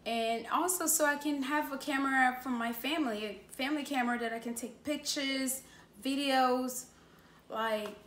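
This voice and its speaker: A woman's voice: sits high, moderate pace, a bit bright. A woman in her late twenties unboxing a new camera in a vlog, gushing and exclaiming as she goes, recorded indoors. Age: 20s. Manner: gushing, exclaims often, laughs between remarks. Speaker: YouTuber. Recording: echoey room with faint noise.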